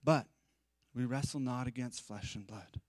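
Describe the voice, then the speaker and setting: A man preaching a conversational sermon at a live-streamed church service. He is animated and chatty, with self-deprecating asides. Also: mid-range voice, measured pace, no echo. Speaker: pastor.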